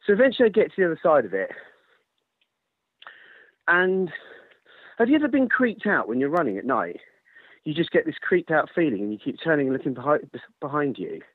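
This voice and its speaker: A man's voice: on the high side, a little fast, pauses often, husky, no echo. Man on a tinny phone line. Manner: animated, swearing, laughing through his story. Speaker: ultrarunner guest. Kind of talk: casual storytelling chat.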